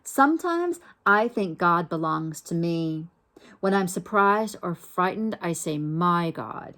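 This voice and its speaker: Slow, gentle woman reading a storybook. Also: on the low side, lively intonation. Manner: gentle, unhurried, pauses to ask listeners questions. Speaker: storybook reader. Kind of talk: reading a children's picture book aloud.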